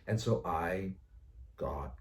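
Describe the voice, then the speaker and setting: A middle-aged man telling a story in a talk, lively and acting out voices as he goes. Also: sits low, takes it slowly, distant mic. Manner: animated storyteller, acts out voices. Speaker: educator giving a talk.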